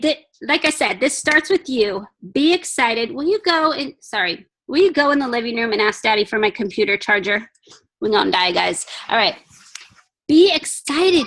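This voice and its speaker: A woman's voice: high-pitched, a bit bright. A woman giving a chatty, emphatic pep talk to her team on a video call from home, acting out little dialogues.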